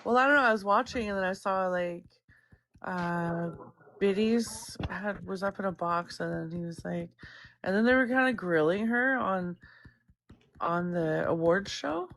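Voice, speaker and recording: A woman's voice: medium pitch, measured pace, fairly bright tone, a little hiss or hum. A woman gossiping casually on a livestream, rambling, swearing freely and laughing often. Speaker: guest chatting on stream.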